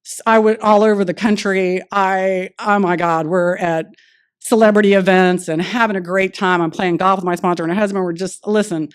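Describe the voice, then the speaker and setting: Woman, AA meeting speaker, lively storyteller who acts out the dialogue, mid-range voice. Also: mid-range voice, moderate pace, smooth. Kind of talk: personal recovery story at a meeting. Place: meeting room.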